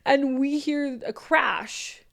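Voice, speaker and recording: High-voiced, chatty young woman. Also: slow, vocal fry, a bit bright, slight background noise. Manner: chatty, jumps in to finish sentences. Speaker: podcast co-host. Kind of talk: casual chat.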